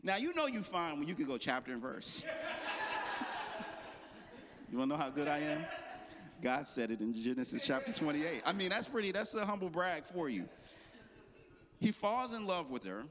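Joking pastor preaching in an echoing hall. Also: male voice, on the high side, very animated, normal speed, pauses often, a crowd in the background. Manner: casual, joking preaching with slang asides. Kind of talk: sermon. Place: church. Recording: long hall reverb.

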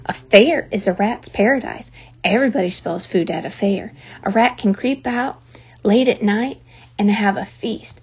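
A woman's voice: mid-range voice, normal speed, slightly rough. A woman voicing a worldly old sheep who coaxes at length, heard on a dull lo-fi recording. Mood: coaxing. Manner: lists things at length, coaxing.

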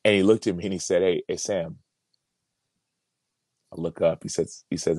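Deep-voiced man telling a personal story. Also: steady tone, normal speed, darkish tone, husky, dry recording. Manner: earnest, reflective, repeats words as he builds. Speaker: podcast guest, former pro football player.

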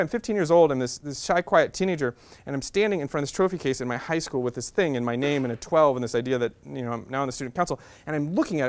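A man's voice: on the high side, fairly bright tone. A man in his thirties giving a humorous, self-deprecating talk as a guest speaker in a university classroom. He is chatty and leans on "like" as a filler. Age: 30s. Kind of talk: humorous personal storytelling talk.

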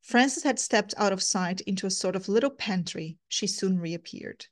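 A woman's voice: medium pitch, normal speed. Woman teacher reading a novel aloud. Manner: thoughtful, hesitant commentary between readings. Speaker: literature teacher.

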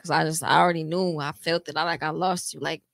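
Podcast co-host, woman, very low and gravelly, soft-spoken, dry sound. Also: fairly even intonation, fast talker, no room sound. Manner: soft-spoken, tearful, plain-talking. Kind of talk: casual heartfelt conversation.

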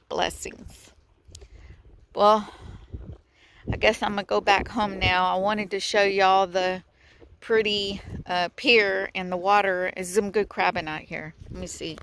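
A woman's voice: mid-range voice, steady tone, a little slow, rough recording. A woman, a little out of breath, vlogging by the water on her phone in a folksy, chatty way and reading Bible verses aloud. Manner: folksy and chatty, talks to viewers as y'all. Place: outdoors on a pier by the water. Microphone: handheld phone. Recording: windy outdoor phone recording. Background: wind and outdoor noise.

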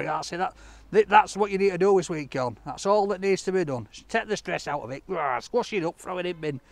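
A man, chatting excitedly to camera while he opens fan mail in a park, laughing often. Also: high-pitched, brisk, creaky. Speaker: food reviewer opening fan mail. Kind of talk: casual vlog chat to camera. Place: outdoors in a park.

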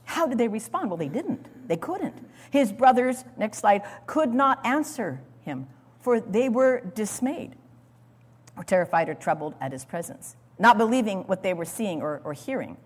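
Expressive woman teaching in a reverberant hall. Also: medium pitch, normal speed, husky. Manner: expressive, dramatizing scripture with acted quotes; speaks to an audience, calls for slides. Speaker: Bible teacher. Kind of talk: sermon.

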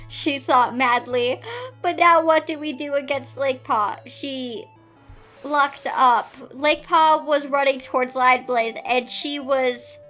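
A woman with a high, bright, clear voice reads a story aloud at an unhurried pace. She keeps stopping to comment in disbelief and laughs at what she reads. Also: soft background music. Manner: incredulous, laughing asides between read lines. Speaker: host reading fan fiction aloud.

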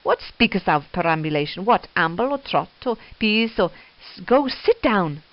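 A woman reading as a loud, scornful medieval summoner. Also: mid-range voice, animated, moderate pace, close to an everyday voice. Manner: shouted, insulting Middle English verse. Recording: dull lo-fi recording.

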